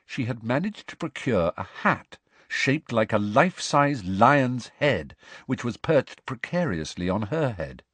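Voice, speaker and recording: A man's voice: mid-range voice, a little slow, slightly rough, no echo. A man narrating an audiobook expressively, acting out every character. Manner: animated, acts out the dialogue.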